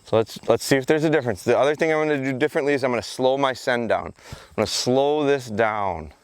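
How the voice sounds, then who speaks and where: A man explaining dog training drills out in a rural field, switching between calm explanation and short commands and praise. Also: medium pitch, quick pace, smooth, dry recording. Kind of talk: outdoor training vlog, explaining while working the dog.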